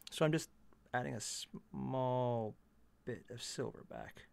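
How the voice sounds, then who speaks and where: A man's voice: medium pitch, takes it slowly, vocal fry, darkish tone, clean tone. A man casually commenting to himself as he paints miniatures, muttering asides and small self-deprecating jokes. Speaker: miniature painting channel host.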